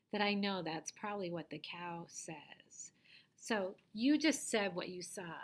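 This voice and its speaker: A woman teacher giving a reading lesson to young children, patiently asking them questions and sometimes dropping to a soft whisper. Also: medium pitch, a little slow.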